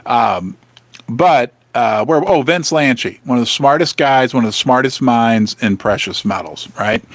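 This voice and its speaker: A man in his fifties from Saint Louis, Missouri, hosting a casual livestream from his basement in an excitable, joking, rambling way. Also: mid-range voice, no echo. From Saint Louis, Missouri, USA. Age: 50s. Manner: chatty, excitable, joking, rambling with self-interruptions. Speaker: livestream host.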